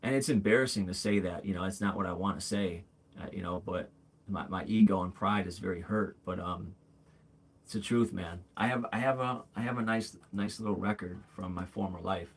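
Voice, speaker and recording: A brisk, slightly rough low voice belongs to this livestream host in his forties. Chatting casually, he rambles candidly, stumbling through fillers and restarts and calling viewers "bro" and "man."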